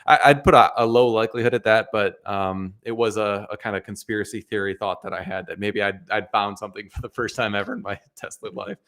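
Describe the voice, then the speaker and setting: A man's voice: on the low side, steady tone, quick pace, hardly any pauses, fairly bright tone. A man co-hosting an investing live stream in casual chat, talking in a hesitant way with many restarts and fillers.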